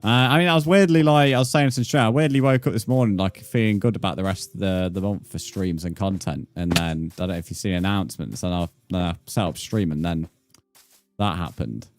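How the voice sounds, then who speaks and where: A man's voice: low-pitched, brisk. A young British man live-streaming a game, chatting to viewers with blunt, sweary, mock-outraged banter. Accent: British English. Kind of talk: live-stream gameplay chat.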